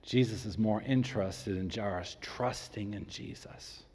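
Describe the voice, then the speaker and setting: This preacher's voice is fairly low with a breathy edge, and the recording carries long hall reverb. His storytelling is lively as he plays the people in it, yet he slows way down and nearly whispers to drive points home.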